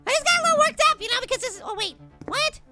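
A gaming host voices a tiny, jittery, whiny male apple in a squeaky, sped-up cartoon voice, chattering frantically and flustered through let's play commentary on a cartoon game. His delivery is expressive and very fast, over music.

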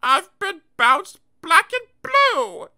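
A man voicing a small, bouncy rubber-ball fellow in a children's storybook, squeaky and high, sorry for himself. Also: huge pitch swings, normal speed, pushed and bright, recorded from a distance, exaggerated voice. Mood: fretful.

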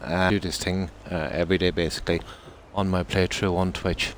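Low-voiced man giving a game tour. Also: flat delivery, a little hiss or hum. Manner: easygoing, halting with frequent fillers. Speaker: game streamer. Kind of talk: casual commentary on a game tour.

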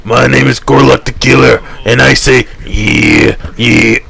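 A man voicing a dim-witted male orc warrior in a game role-play, droning the same short phrases in a low growl. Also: steady tone, bright, forceful tone, heavily acted. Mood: proud. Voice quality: gravelly, slow and repetitive.

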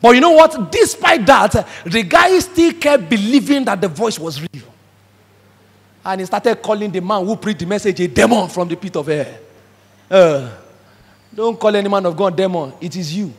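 A man's voice: sits high, lively intonation, normal speed, breathy edge. A man preaching a sermon emphatically, acting out the voices he quotes. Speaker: pastor. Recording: reverberant hall.

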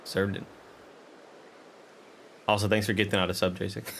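A male streamer commenting casually on a game, excitable and swearing often while he talks to the game and chat. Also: sits low, normal speed, gravelly, long pauses, slight background noise. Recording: game music playing under voice.

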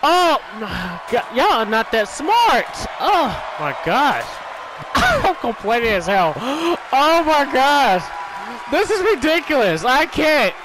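A man hosting a gaming channel, giving casual commentary on a wrestling game, exasperated, shouting at the screen and swearing. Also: extremely high pitch, big pitch swings, slow. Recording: game audio with loud crowd noise. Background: video game crowd noise.

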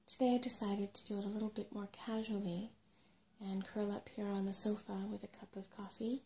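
Soft-spoken woman reading a bedtime story. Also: medium pitch, flat delivery, a little fast. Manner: hushed, slipping into whisper. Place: home sofa.

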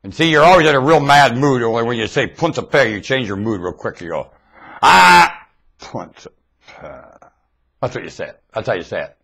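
A man with a husky voice, rambling aloud to his viewers in a webcam monologue. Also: mid-range voice, fast, hardly any pauses, fairly bright tone, rough recording. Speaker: vlogger.

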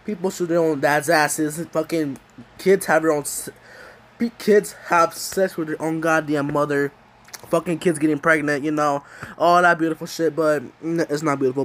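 This YouTube commentator has a fairly bright voice on the high side and talks at normal speed over a video. His casual commentary rambles, is packed with swearing, and keeps breaking off into restarts.

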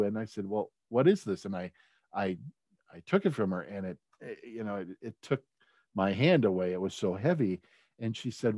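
A man's voice: lowish voice, animated, moderate pace, a little mellow, no echo. A middle-aged man telling a personal story in a conversational way, with many fillers and restarts. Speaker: speaker at a leadership talk.

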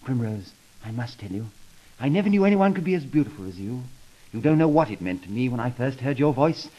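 A man's voice: mid-range voice, very animated, brisk, warm tone, low-quality recording. A man playing a lovesick young man-about-town in a 1930s comedy sketch, talking in a gushing, theatrical way on an old record.

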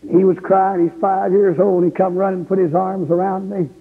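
A middle-aged man, an evangelist, preaching a revival sermon in an impassioned, pleading way with a gravelly, husky voice. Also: high-pitched, level tone, fairly quick. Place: church revival service. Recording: tinny, echoey old sermon tape.

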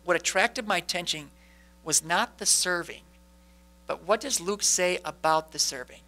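A man leads a parish Bible study with a bright, fairly high voice. He talks to the group like a friendly teacher, tossing out questions and answering them with a quick "right?". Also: poor audio.

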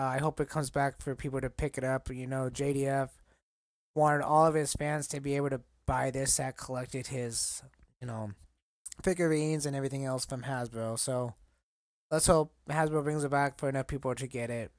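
A man in a casual collecting vlog, talking haltingly and getting choked up, rambling with many fillers. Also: mid-range voice, fairly even intonation, no room sound, studio quality. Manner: halting, emotional, choked up at times. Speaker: collector vlogger.

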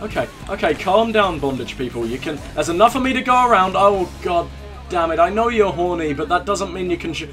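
A man's voice: high voice, lively intonation, brisk, a bit bright, faint music behind. A young man hosting a let's play, cracking crude jokes in casual gameplay commentary. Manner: joking, crude banter with laughs.

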